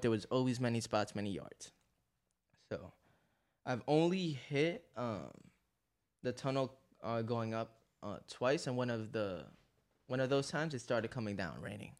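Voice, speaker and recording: A man in casual conversation recounting his experiences, earnest and pausing often with fillers. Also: mid-range voice. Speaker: graffiti writer in conversation. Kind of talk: casual chat.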